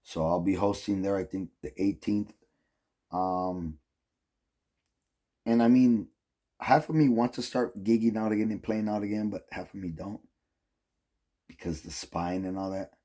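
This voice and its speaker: Middle-aged man, low dark husky voice, casual rambling vlog storyteller, swears a lot. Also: fairly even intonation, measured pace, long pauses. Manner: rambling, heavy use of "like" and "um", profane. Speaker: vlogger.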